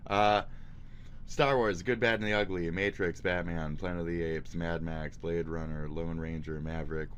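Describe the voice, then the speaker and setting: A man streaming live, giving casual reaction commentary in a mocking, profane and excitable way. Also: rumbling low, highs cut off, a little hiss or hum.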